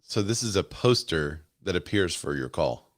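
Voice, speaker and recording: A man with a deep, low voice gives easygoing live commentary, thinking aloud and answering viewers' comments. The sound is close and dry, with no room around it. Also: animated, normal speed, dry recording. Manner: casual, musing, chats with viewers in comments. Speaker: host. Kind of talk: live commentary on a keynote stream.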